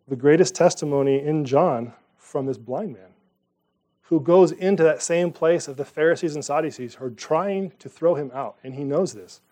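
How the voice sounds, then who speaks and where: A man preaching a sermon, his voice sitting a little on the high side. He talks to the congregation in an easy, conversational way and keeps asking them rhetorical questions. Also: warm tone. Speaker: pastor.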